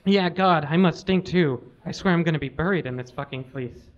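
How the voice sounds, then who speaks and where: A man's voice: on the high side, normal speed, natural voice. A man voicing a brash, emotional middle-aged male governor who talks bluntly and profanely, on a slightly muffled live recording. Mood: sheepish.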